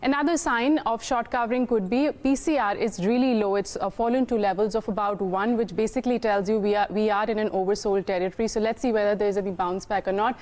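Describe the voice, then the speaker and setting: A woman with an Indian English accent runs through futures and options figures at an ordinary pitch. She delivers the numbers as a quick, data-packed live briefing. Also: darkish tone. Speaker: derivatives market reporter. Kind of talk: market data update.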